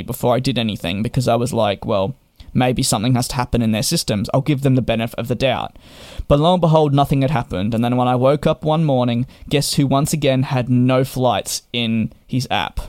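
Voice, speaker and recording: A young travel vlogger launches into a frustrated storytime rant to camera, exasperated and sarcastic, restarting again and again. His voice is medium-pitched and darkish, captured in clean studio sound with no echo.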